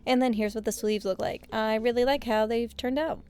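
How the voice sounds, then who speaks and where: A young woman narrating a sewing vlog in a casual voice-over, with deadpan, self-mocking jokes. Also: on the high side, brisk, clear, resonant tone. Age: young adult. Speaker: sewing vlogger.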